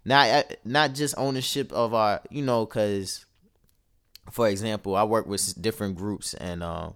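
A man's voice: lowish voice, unhurried, fairly bright tone, clean tone. A man co-hosting a podcast, talking in a laid-back, reflective way and often trailing off and restarting his thoughts. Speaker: podcast co-host. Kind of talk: casual chat. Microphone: phone-like call audio.

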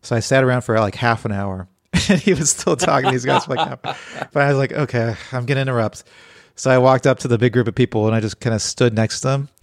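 A man co-hosting a casual comedy podcast, telling loose anecdotes and laughing as he goes. His voice sits at an ordinary middle pitch. It is recorded close and dry, with no room sound. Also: quick pace, creaky, few pauses, no echo. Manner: chatty storyteller, laughs often. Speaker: podcast co-host. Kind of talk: casual chat.

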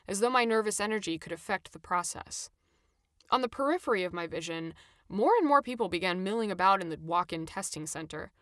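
A woman narrating a first-person story in an expressive, animated reading, her pitch rising and falling freely. The sound is dry and close, with no room echo.

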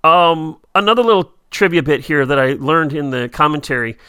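Bright-voiced man chatting with fillers. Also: a little high, lively intonation, brisk, clear, resonant tone, no echo, studio quality. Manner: hesitant, many fillers, reads quotes aloud. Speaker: podcast co-host. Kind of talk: casual chat about a TV episode.

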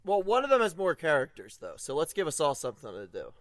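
A man's voice: fairly high pitch, wildly swooping pitch, fast, no echo. A man chatting playfully and laughing over a video call with friends.

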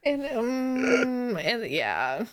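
A woman with a fairly high voice tells a story in casual conversation. She is animated, breaks into laughter often and swears without a second thought. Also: drawn-out words, heavy background noise.

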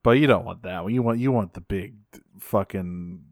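A man's voice: low-pitched, moderate pace, dry recording, clean studio sound. A man co-hosting a podcast, talking casually with swearing and enthusiasm. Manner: casual, profane, excitable. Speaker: podcast co-host. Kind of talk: casual chat.

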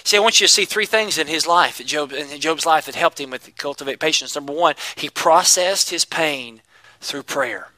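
A man preaching a sermon to his congregation, emphatic, swinging between loud declarations and hushed asides. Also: fairly high pitch, normal speed, low-quality recording. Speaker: pastor.

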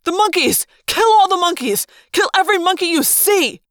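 A frantic, raspy grown man barks orders in a storybook reading, played by a woman. His voice sits high and thin with a strange edge. The room is dry and close. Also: normal speed, no echo. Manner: raspy, excitable, yelling orders. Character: frantic worn-out adult man, shrill when excited. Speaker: reader. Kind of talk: storybook read-aloud.

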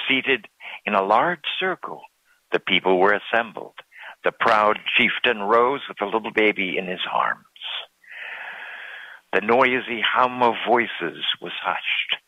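A man reading a storybook aloud in a slow, deliberate way. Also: lowish voice, sharp tone, no echo, rough recording. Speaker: narrator.

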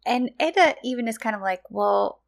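A woman's voice: mid-range voice, animated, unhurried, fairly bright tone. A woman co-hosting a casual chat, enthusiastic and laughing along. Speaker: podcast co-host.

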